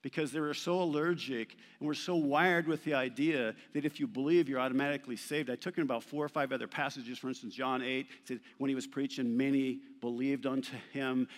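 A male pastor delivering an animated sermon, emphatic and sometimes playful, quoting scripture with rising force. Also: medium pitch. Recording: long reverb of a large hall.

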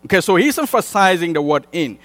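A man's voice: sits high, sing-song, fairly quick. A man preaching a sermon with an emphatic, repetitive cadence that rises in bursts. English is not his first language. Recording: long hall reverb with mains hum.

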